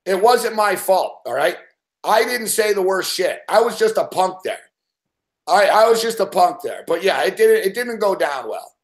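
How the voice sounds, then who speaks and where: A man's voice: high-pitched, lively intonation, moderate pace. A man telling a rambling story in casual chat, swearing constantly and acting out growls and laughs. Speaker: show regular telling a story.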